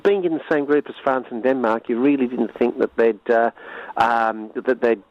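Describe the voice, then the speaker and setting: A man's voice: mid-range voice, steady tone, normal speed, dry recording, dull audio. A man, a guest on a radio show, chatting in an easygoing, teasing, rambling way over a remote line. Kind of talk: casual radio chat.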